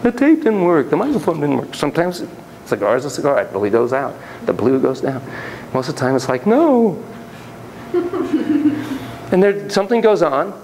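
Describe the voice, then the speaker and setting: A man's voice: on the high side, big pitch swings, a little fast, darkish tone, a little hiss or hum, rough recording. A man giving a classroom lecture on parenting, acting out quoted voices and digressing with laughter. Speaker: psychology lecturer.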